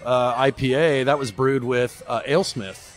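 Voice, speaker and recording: A man's voice: medium pitch, steady tone, moderate pace. A man, a brewmaster guest, talking casually and easily in a brewery tasting room. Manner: easygoing, talks through with fillers. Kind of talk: casual chat.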